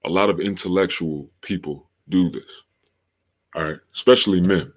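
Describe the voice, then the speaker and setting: Deep-voiced slangy male podcast host. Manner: slangy, drawn-out, repeats phrases for emphasis. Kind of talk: casual livestream podcast talk.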